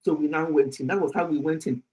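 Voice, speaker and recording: A Nigerian woman in her sixties with a Nigerian English accent, hosting a health livestream and telling a story in an animated, chatty way, laughing often and slipping into pidgin. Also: deep voice, fast talker, breathy edge, low-quality recording. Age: 60s. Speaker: health channel host. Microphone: streaming setup.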